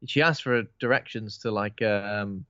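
A man's voice: lowish voice, a little slow, bright, forceful tone, dry recording. Man, podcast cohost, rambling sweary film talk, dull dry recording. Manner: rambling, swears freely, acts out lines. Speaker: podcast co-host. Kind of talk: casual film chat.

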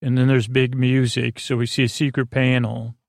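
A man hosting a podcast, recapping a TV episode as a meandering bedtime story, halting often with filler pauses. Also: mid-range voice, little pitch movement, creaky, dry recording, clean studio sound. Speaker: podcast host.

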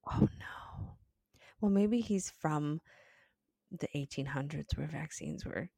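A woman co-hosting a casual podcast, joking playfully and reacting quickly. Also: sits low, creaky, mellow, dry recording. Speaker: podcast co-host.

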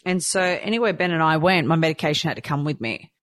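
This woman is a fast talker whose voice sits low. She shares a personal experience frankly and with animation, performing her inner thoughts as if quoting herself.

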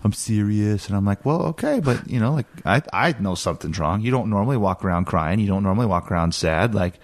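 Deep-voiced calm man reflecting. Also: quick pace. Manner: calm, reflective, many restarts. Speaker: podcast co-host, father. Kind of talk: casual chat.

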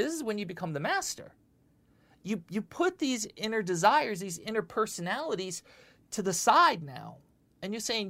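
Woman, spiritual teacher, lively swooping pitch, repeats words, keeps asking okay. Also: normal speed. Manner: animated, repeats words, often asks "okay?". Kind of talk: spiritual lecture with questions.

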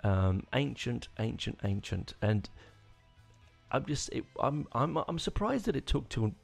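A man's voice: mid-range voice, very animated, measured pace, vocal fry, breathy edge, faint music behind. A man hosting a podcast on his own, rambling enthusiastically with many restarts. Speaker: podcast host. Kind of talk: casual solo rambling.

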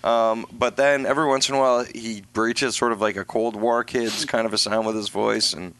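Blunt, bright-voiced man. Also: lowish voice, steady tone, moderate pace. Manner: blunt, swears freely, rambling restarts. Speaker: podcast co-host. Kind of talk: casual chat.

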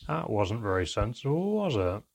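A man doing a deep, gravelly father. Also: moderate pace, exaggerated voice. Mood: teasing. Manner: calm, gently teasing.

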